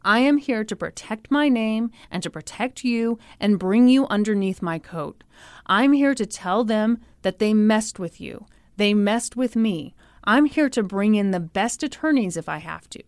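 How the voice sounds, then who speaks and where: A woman's voice: medium pitch, lively intonation, a little slow, a little mellow, no room sound, studio quality. A woman retelling a man's earnest plea in her own voice. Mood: pleading. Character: earnest man pleading with a friend.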